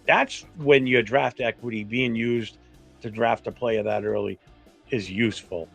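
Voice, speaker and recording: A man with a New England accent hosting a casual fan talk stream, blunt, opinionated and quick to swear. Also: mid-range voice, fairly even intonation, creaky, a bit bright, husky, soft background music. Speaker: fan show host.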